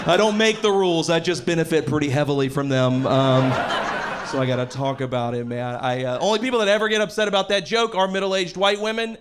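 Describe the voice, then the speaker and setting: A man's voice: fairly high pitch, fairly bright tone. A man doing a stand-up set in a comedy club, with sardonic, self-deprecating delivery. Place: comedy club stage with laughing audience. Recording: live club recording with clear background noise.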